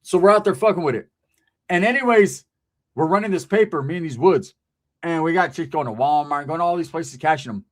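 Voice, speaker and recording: A man's voice: a little high, fairly quick. A middle-aged man telling a street story in casual, profane slang, keeps checking in with "right?".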